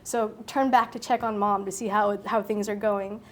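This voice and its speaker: A woman speaking at a public talk, telling a personal story in an animated way, acting out her own thoughts and laughing often. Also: mid-range voice, moderate pace.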